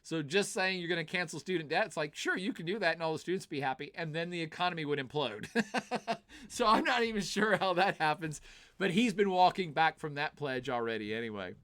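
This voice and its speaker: Middle-aged man, live stream host, slightly high voice, animated chatty political rant, laughs between points. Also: a little fast. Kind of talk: casual political commentary.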